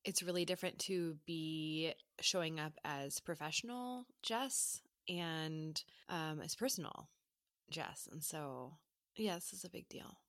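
A woman co-hosting a podcast, gentle and affirming, openly emotional with her guest. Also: sits low, lively intonation, a little slow, no echo, clean studio sound. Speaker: podcast co-host. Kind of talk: candid podcast conversation.

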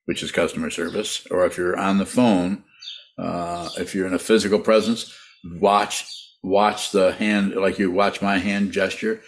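A man with a low voice teaches meditation slowly and haltingly, answering listener questions. He frequently restarts and repeats words, breaks into laughter, and his delivery is flat.

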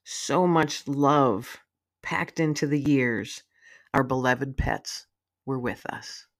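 A woman's voice: very deep voice, takes it slowly. A woman author reading her own story aloud in a heartfelt, storytelling manner. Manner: warm, heartfelt narration.

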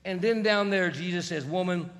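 A male pastor preaching a sermon, emphatic and swelling to shouts. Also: medium pitch, normal speed. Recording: long hall reverb with faint music.

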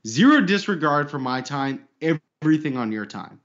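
A man's voice: a little high, very animated, normal speed, a bit bright, lo-fi sound. A man co-hosting a podcast in casual banter, joking, laughing often and swearing. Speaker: podcast co-host.

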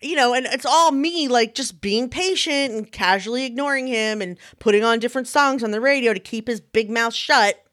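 Brief: woman, 40s, slightly higher voice, animated storyteller, dry close sound. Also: moderate pace, no echo. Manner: animated storyteller, exaggerated retelling. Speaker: podcast co-host, mother of a toddler. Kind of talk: casual chat.

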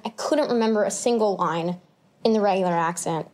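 A woman actor telling stories in an interview, animated, laughing often and acting out her own past thoughts. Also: a little high, fairly quick. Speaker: actor guest. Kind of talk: conversational interview storytelling.

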